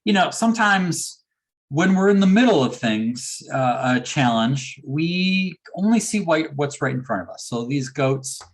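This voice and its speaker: A man's voice: fairly high pitch, measured pace. A man giving a motivational keynote talk, telling a story and acting out the dialogue. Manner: animated storyteller who acts out dialogue. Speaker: motivational speaker.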